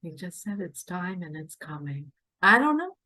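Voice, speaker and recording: A woman giving an impassioned monologue, swinging between loud pleas and hushed asides. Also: on the low side, big pitch swings, normal speed. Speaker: self-described spiritual messenger. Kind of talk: emotional monologue to camera.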